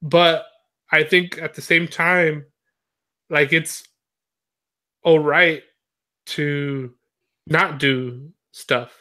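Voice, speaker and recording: Man, young adult, casual chat, rambling, lots of fillers, laughs often, fairly high, bright. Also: steady tone, drawn-out words, pauses often.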